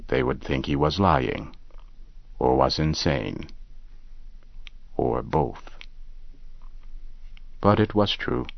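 Very deep, slow male story narrator. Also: vocal fry, no room sound, muffled recording. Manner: measured, deliberate, low and calm. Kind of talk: slow scripted story reading.

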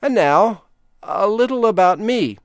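Slow, measured older male radio announcer. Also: high-pitched, dry recording, studio quality. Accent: Eastern Shore of Delaware. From Delaware, US. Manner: deliberate, measured delivery with lively intonation. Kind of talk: slow scripted broadcast reading.

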